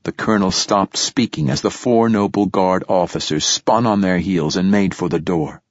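A man narrating a science fiction story in a measured, steady reading style. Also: low voice, dry recording, muffled recording. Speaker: audiobook narrator. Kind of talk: scripted narration.

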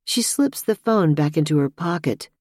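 A woman reading a suspense novel aloud in a tense, measured narration. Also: deep voice, expressive, darkish tone, dry recording, studio quality. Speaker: audiobook narrator. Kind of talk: scripted narration.

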